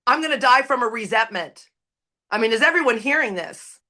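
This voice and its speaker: A woman's voice: a little high, animated, brisk, bright, forceful tone. A woman speaking at a recovery meeting, giving an impassioned, preachy share with blunt, profane emphasis. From Canada. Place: recorded at an online meeting.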